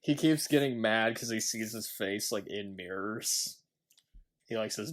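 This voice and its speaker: A man's voice: fairly low pitch, unhurried. Giggly young man chatting about films. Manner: giggly, laughs often while talking, recounting scenes. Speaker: podcast co-host. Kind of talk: casual film review chat.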